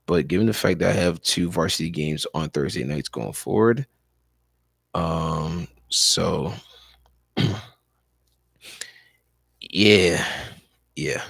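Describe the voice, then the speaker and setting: A man's voice: low voice, takes it slowly, creaky, pauses often, fairly bright tone, breathy edge, dry recording. A tired man hosting a casual live-stream sports talk show, rambling loosely and leaning on "you know" as he repeats his points. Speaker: sports talk livestream host and high school coach. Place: at home, dog in background.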